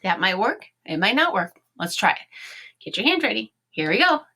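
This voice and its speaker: Woman teacher in her 30s, patient phonics lesson voice, sounds words out slowly for kids. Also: medium pitch, big pitch swings, sharp tone, a little hiss or hum. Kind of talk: home video phonics lesson for children.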